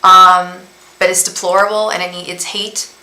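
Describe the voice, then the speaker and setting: A tarot reader and psychic medium talks on a casual livestream in a low-leaning, bright, forceful voice with a level tone and moderate pace. She rambles, full of fillers and restarts, and the low-quality recording sounds roomy.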